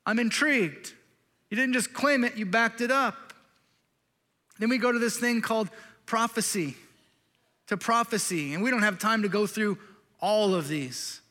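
A man preaching a sermon in a lively, conversational way, with playful asides to the congregation. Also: high voice, a little slow, long pauses. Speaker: pastor. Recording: reverberant hall.

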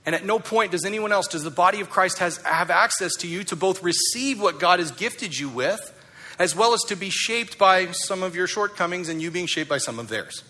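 Bright, emphatic male pastor preaching. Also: high-pitched, animated, normal speed. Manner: emphatic, rhetorical questions to the congregation. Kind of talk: sermon.

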